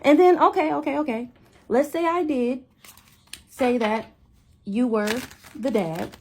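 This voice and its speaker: Incredulous young woman ranting, husky. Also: high voice, unhurried. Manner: animated, incredulous, repeats herself. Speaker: vlogger. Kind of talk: casual storytime rant.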